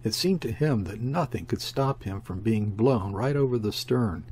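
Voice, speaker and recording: A man narrating a classic sea story as an audiobook reader, in a steady, measured way. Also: lowish voice, a little hiss or hum.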